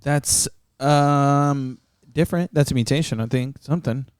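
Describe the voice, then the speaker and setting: A man's voice: mid-range voice, a little slow, clear, resonant tone, dry recording, studio quality. A man hosting a podcast, chatting casually and tossing in playful jokes. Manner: joking, short playful interjections. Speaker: podcast host. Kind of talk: casual chat.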